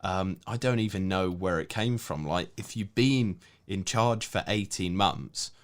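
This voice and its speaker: A man co-hosting a podcast in casual chat, chatty and quick to laugh. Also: sits low. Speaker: podcast co-host, football pundit.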